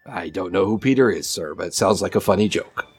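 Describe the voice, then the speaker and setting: A man's voice: deep voice, expressive, brisk, breathy edge, dry recording. A man voicing a timid, apologetic male hobgoblin cook who stammers and calls everyone sir. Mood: nervous, apologetic. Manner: stammering, servile, keeps saying sir.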